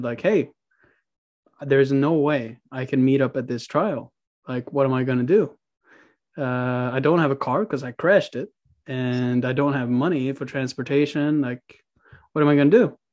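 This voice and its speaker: A man's voice: medium pitch, a little mellow, dull audio. Young man telling a story. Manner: laid-back, profane, often laughing. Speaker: podcast guest. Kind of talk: casual storytelling.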